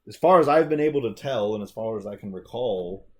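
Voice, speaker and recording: An American man co-hosting a casual podcast, thinking aloud in animated, rambling bursts. His voice sits somewhat low and he talks in casual chat style. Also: brisk. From United States. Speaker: podcast co-host.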